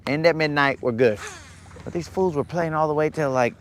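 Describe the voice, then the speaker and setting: A man's voice: a little high, fairly quick, a little hiss or hum. A man hosting a live fishing stream from a boat on a lake, chatting casually and slangily with viewers. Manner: laid-back, slangy, greets viewers from chat.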